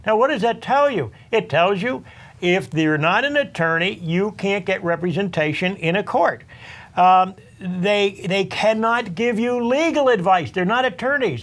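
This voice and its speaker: A man with a notably high voice hosts a talk show as an attorney. He speaks earnestly and repeats his warnings, addressing listeners directly. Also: lively intonation, moderate pace, fairly bright tone. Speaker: tax and immigration attorney, show host.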